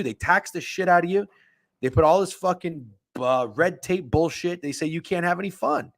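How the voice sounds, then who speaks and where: Profane, chatty sports-betting host. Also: male voice, high-pitched, fairly quick, vocal fry, dry recording. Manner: loose, profane, chatty, reads chat aloud. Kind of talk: casual livestream chat with viewers.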